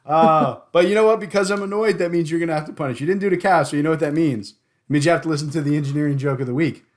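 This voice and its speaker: Guy hosting a podcast, jokey and lively, keeps tripping over his words. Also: on the high side, rapid-fire. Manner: joking, animated, stumbles and repeats words. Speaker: podcast host. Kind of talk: casual podcast chat.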